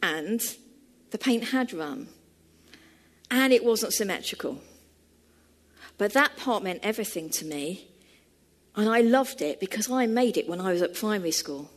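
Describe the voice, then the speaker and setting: Woman preaching, lively pitch. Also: measured pace, pauses often. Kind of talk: sermon with storytelling.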